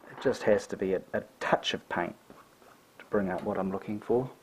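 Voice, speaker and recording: A middle-aged man with a New Zealand accent, chatting and thinking aloud as he paints a landscape, self-mocking and relaxed. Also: lowish voice, moderate pace, a little hiss or hum, low-quality recording. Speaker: painting tutor. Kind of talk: casual painting tutorial.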